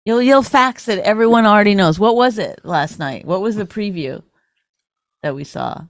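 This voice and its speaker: A woman's voice: medium pitch, normal speed, no room sound, studio quality. A middle-aged woman co-hosting a comedy podcast, teasing her husband with mocking impressions in casual banter. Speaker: podcast co-host.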